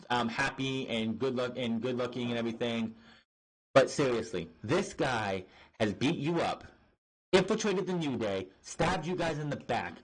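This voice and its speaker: A man's voice: medium pitch, rough recording. A man hosting a wrestling review, ranting in an exasperated, profane way with lots of restarts and fillers. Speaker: podcast host reviewing wrestling.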